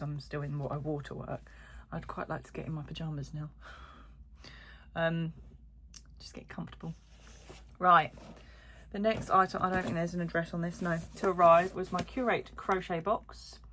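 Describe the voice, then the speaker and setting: A woman's voice: lowish voice, fairly even intonation, moderate pace, a bit bright, slight background noise. Chatty woman unboxing yarn. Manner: chatty, lots of ums and asides. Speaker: crochet vlogger. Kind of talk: casual chat while unboxing.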